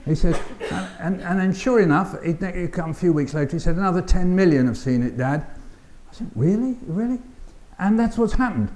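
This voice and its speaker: A man's voice: high voice, a little fast. Older London man telling stories. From England. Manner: animated storyteller, acting out voices and sounds, dry humour. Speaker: keynote speaker. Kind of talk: storytelling keynote speech. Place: conference hall.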